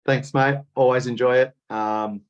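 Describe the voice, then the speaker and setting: A man's voice: medium pitch, steady tone, a little slow, clear, resonant tone, muffled recording. An Australian man coaching as a guest on a casual podcast over an online call, laid-back and encouraging. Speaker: triathlon coach.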